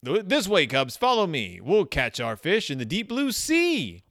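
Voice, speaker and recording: A folksy papa bear from a children's storybook, put on by a man reading aloud, sounding pious and self-excusing. The voice is dry and close, and it swings through a lively range of pitch as it rhymes its way along. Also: unhurried, no echo, heavily acted.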